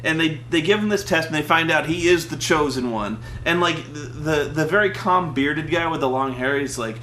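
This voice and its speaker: Young guy, high voice, sweary mocking movie rant, faint hum behind. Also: moderate pace, bright, forceful tone. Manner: profane, mocking, acts out scenes in silly voices. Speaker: vlog co-host. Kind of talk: animated casual movie rant.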